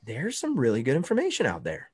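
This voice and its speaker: A man who is a pastor, telling animated stories in a casual chat over a video call. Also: a little high, quick pace, breathy edge, dry recording, clean studio sound. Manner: storytelling, animated, laughs often. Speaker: podcast guest and pastor.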